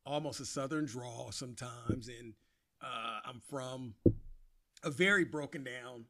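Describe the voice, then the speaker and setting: A man's voice: medium pitch, a little slow, bright, forceful tone. A man with a Chicago accent hosting a podcast, chatting casually in a laid-back, laughing, self-mocking way. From Chicago, USA. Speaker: podcast host.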